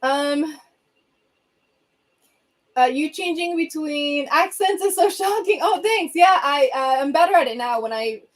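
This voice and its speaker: Hosting a casual livestream from her home reading corner, a young Venezuelan woman, a native Spanish speaker with a Venezuelan accent, talks into her phone in a fairly high voice. She's expressive, bubbly, and chatty, tossing in quick asides and laughs.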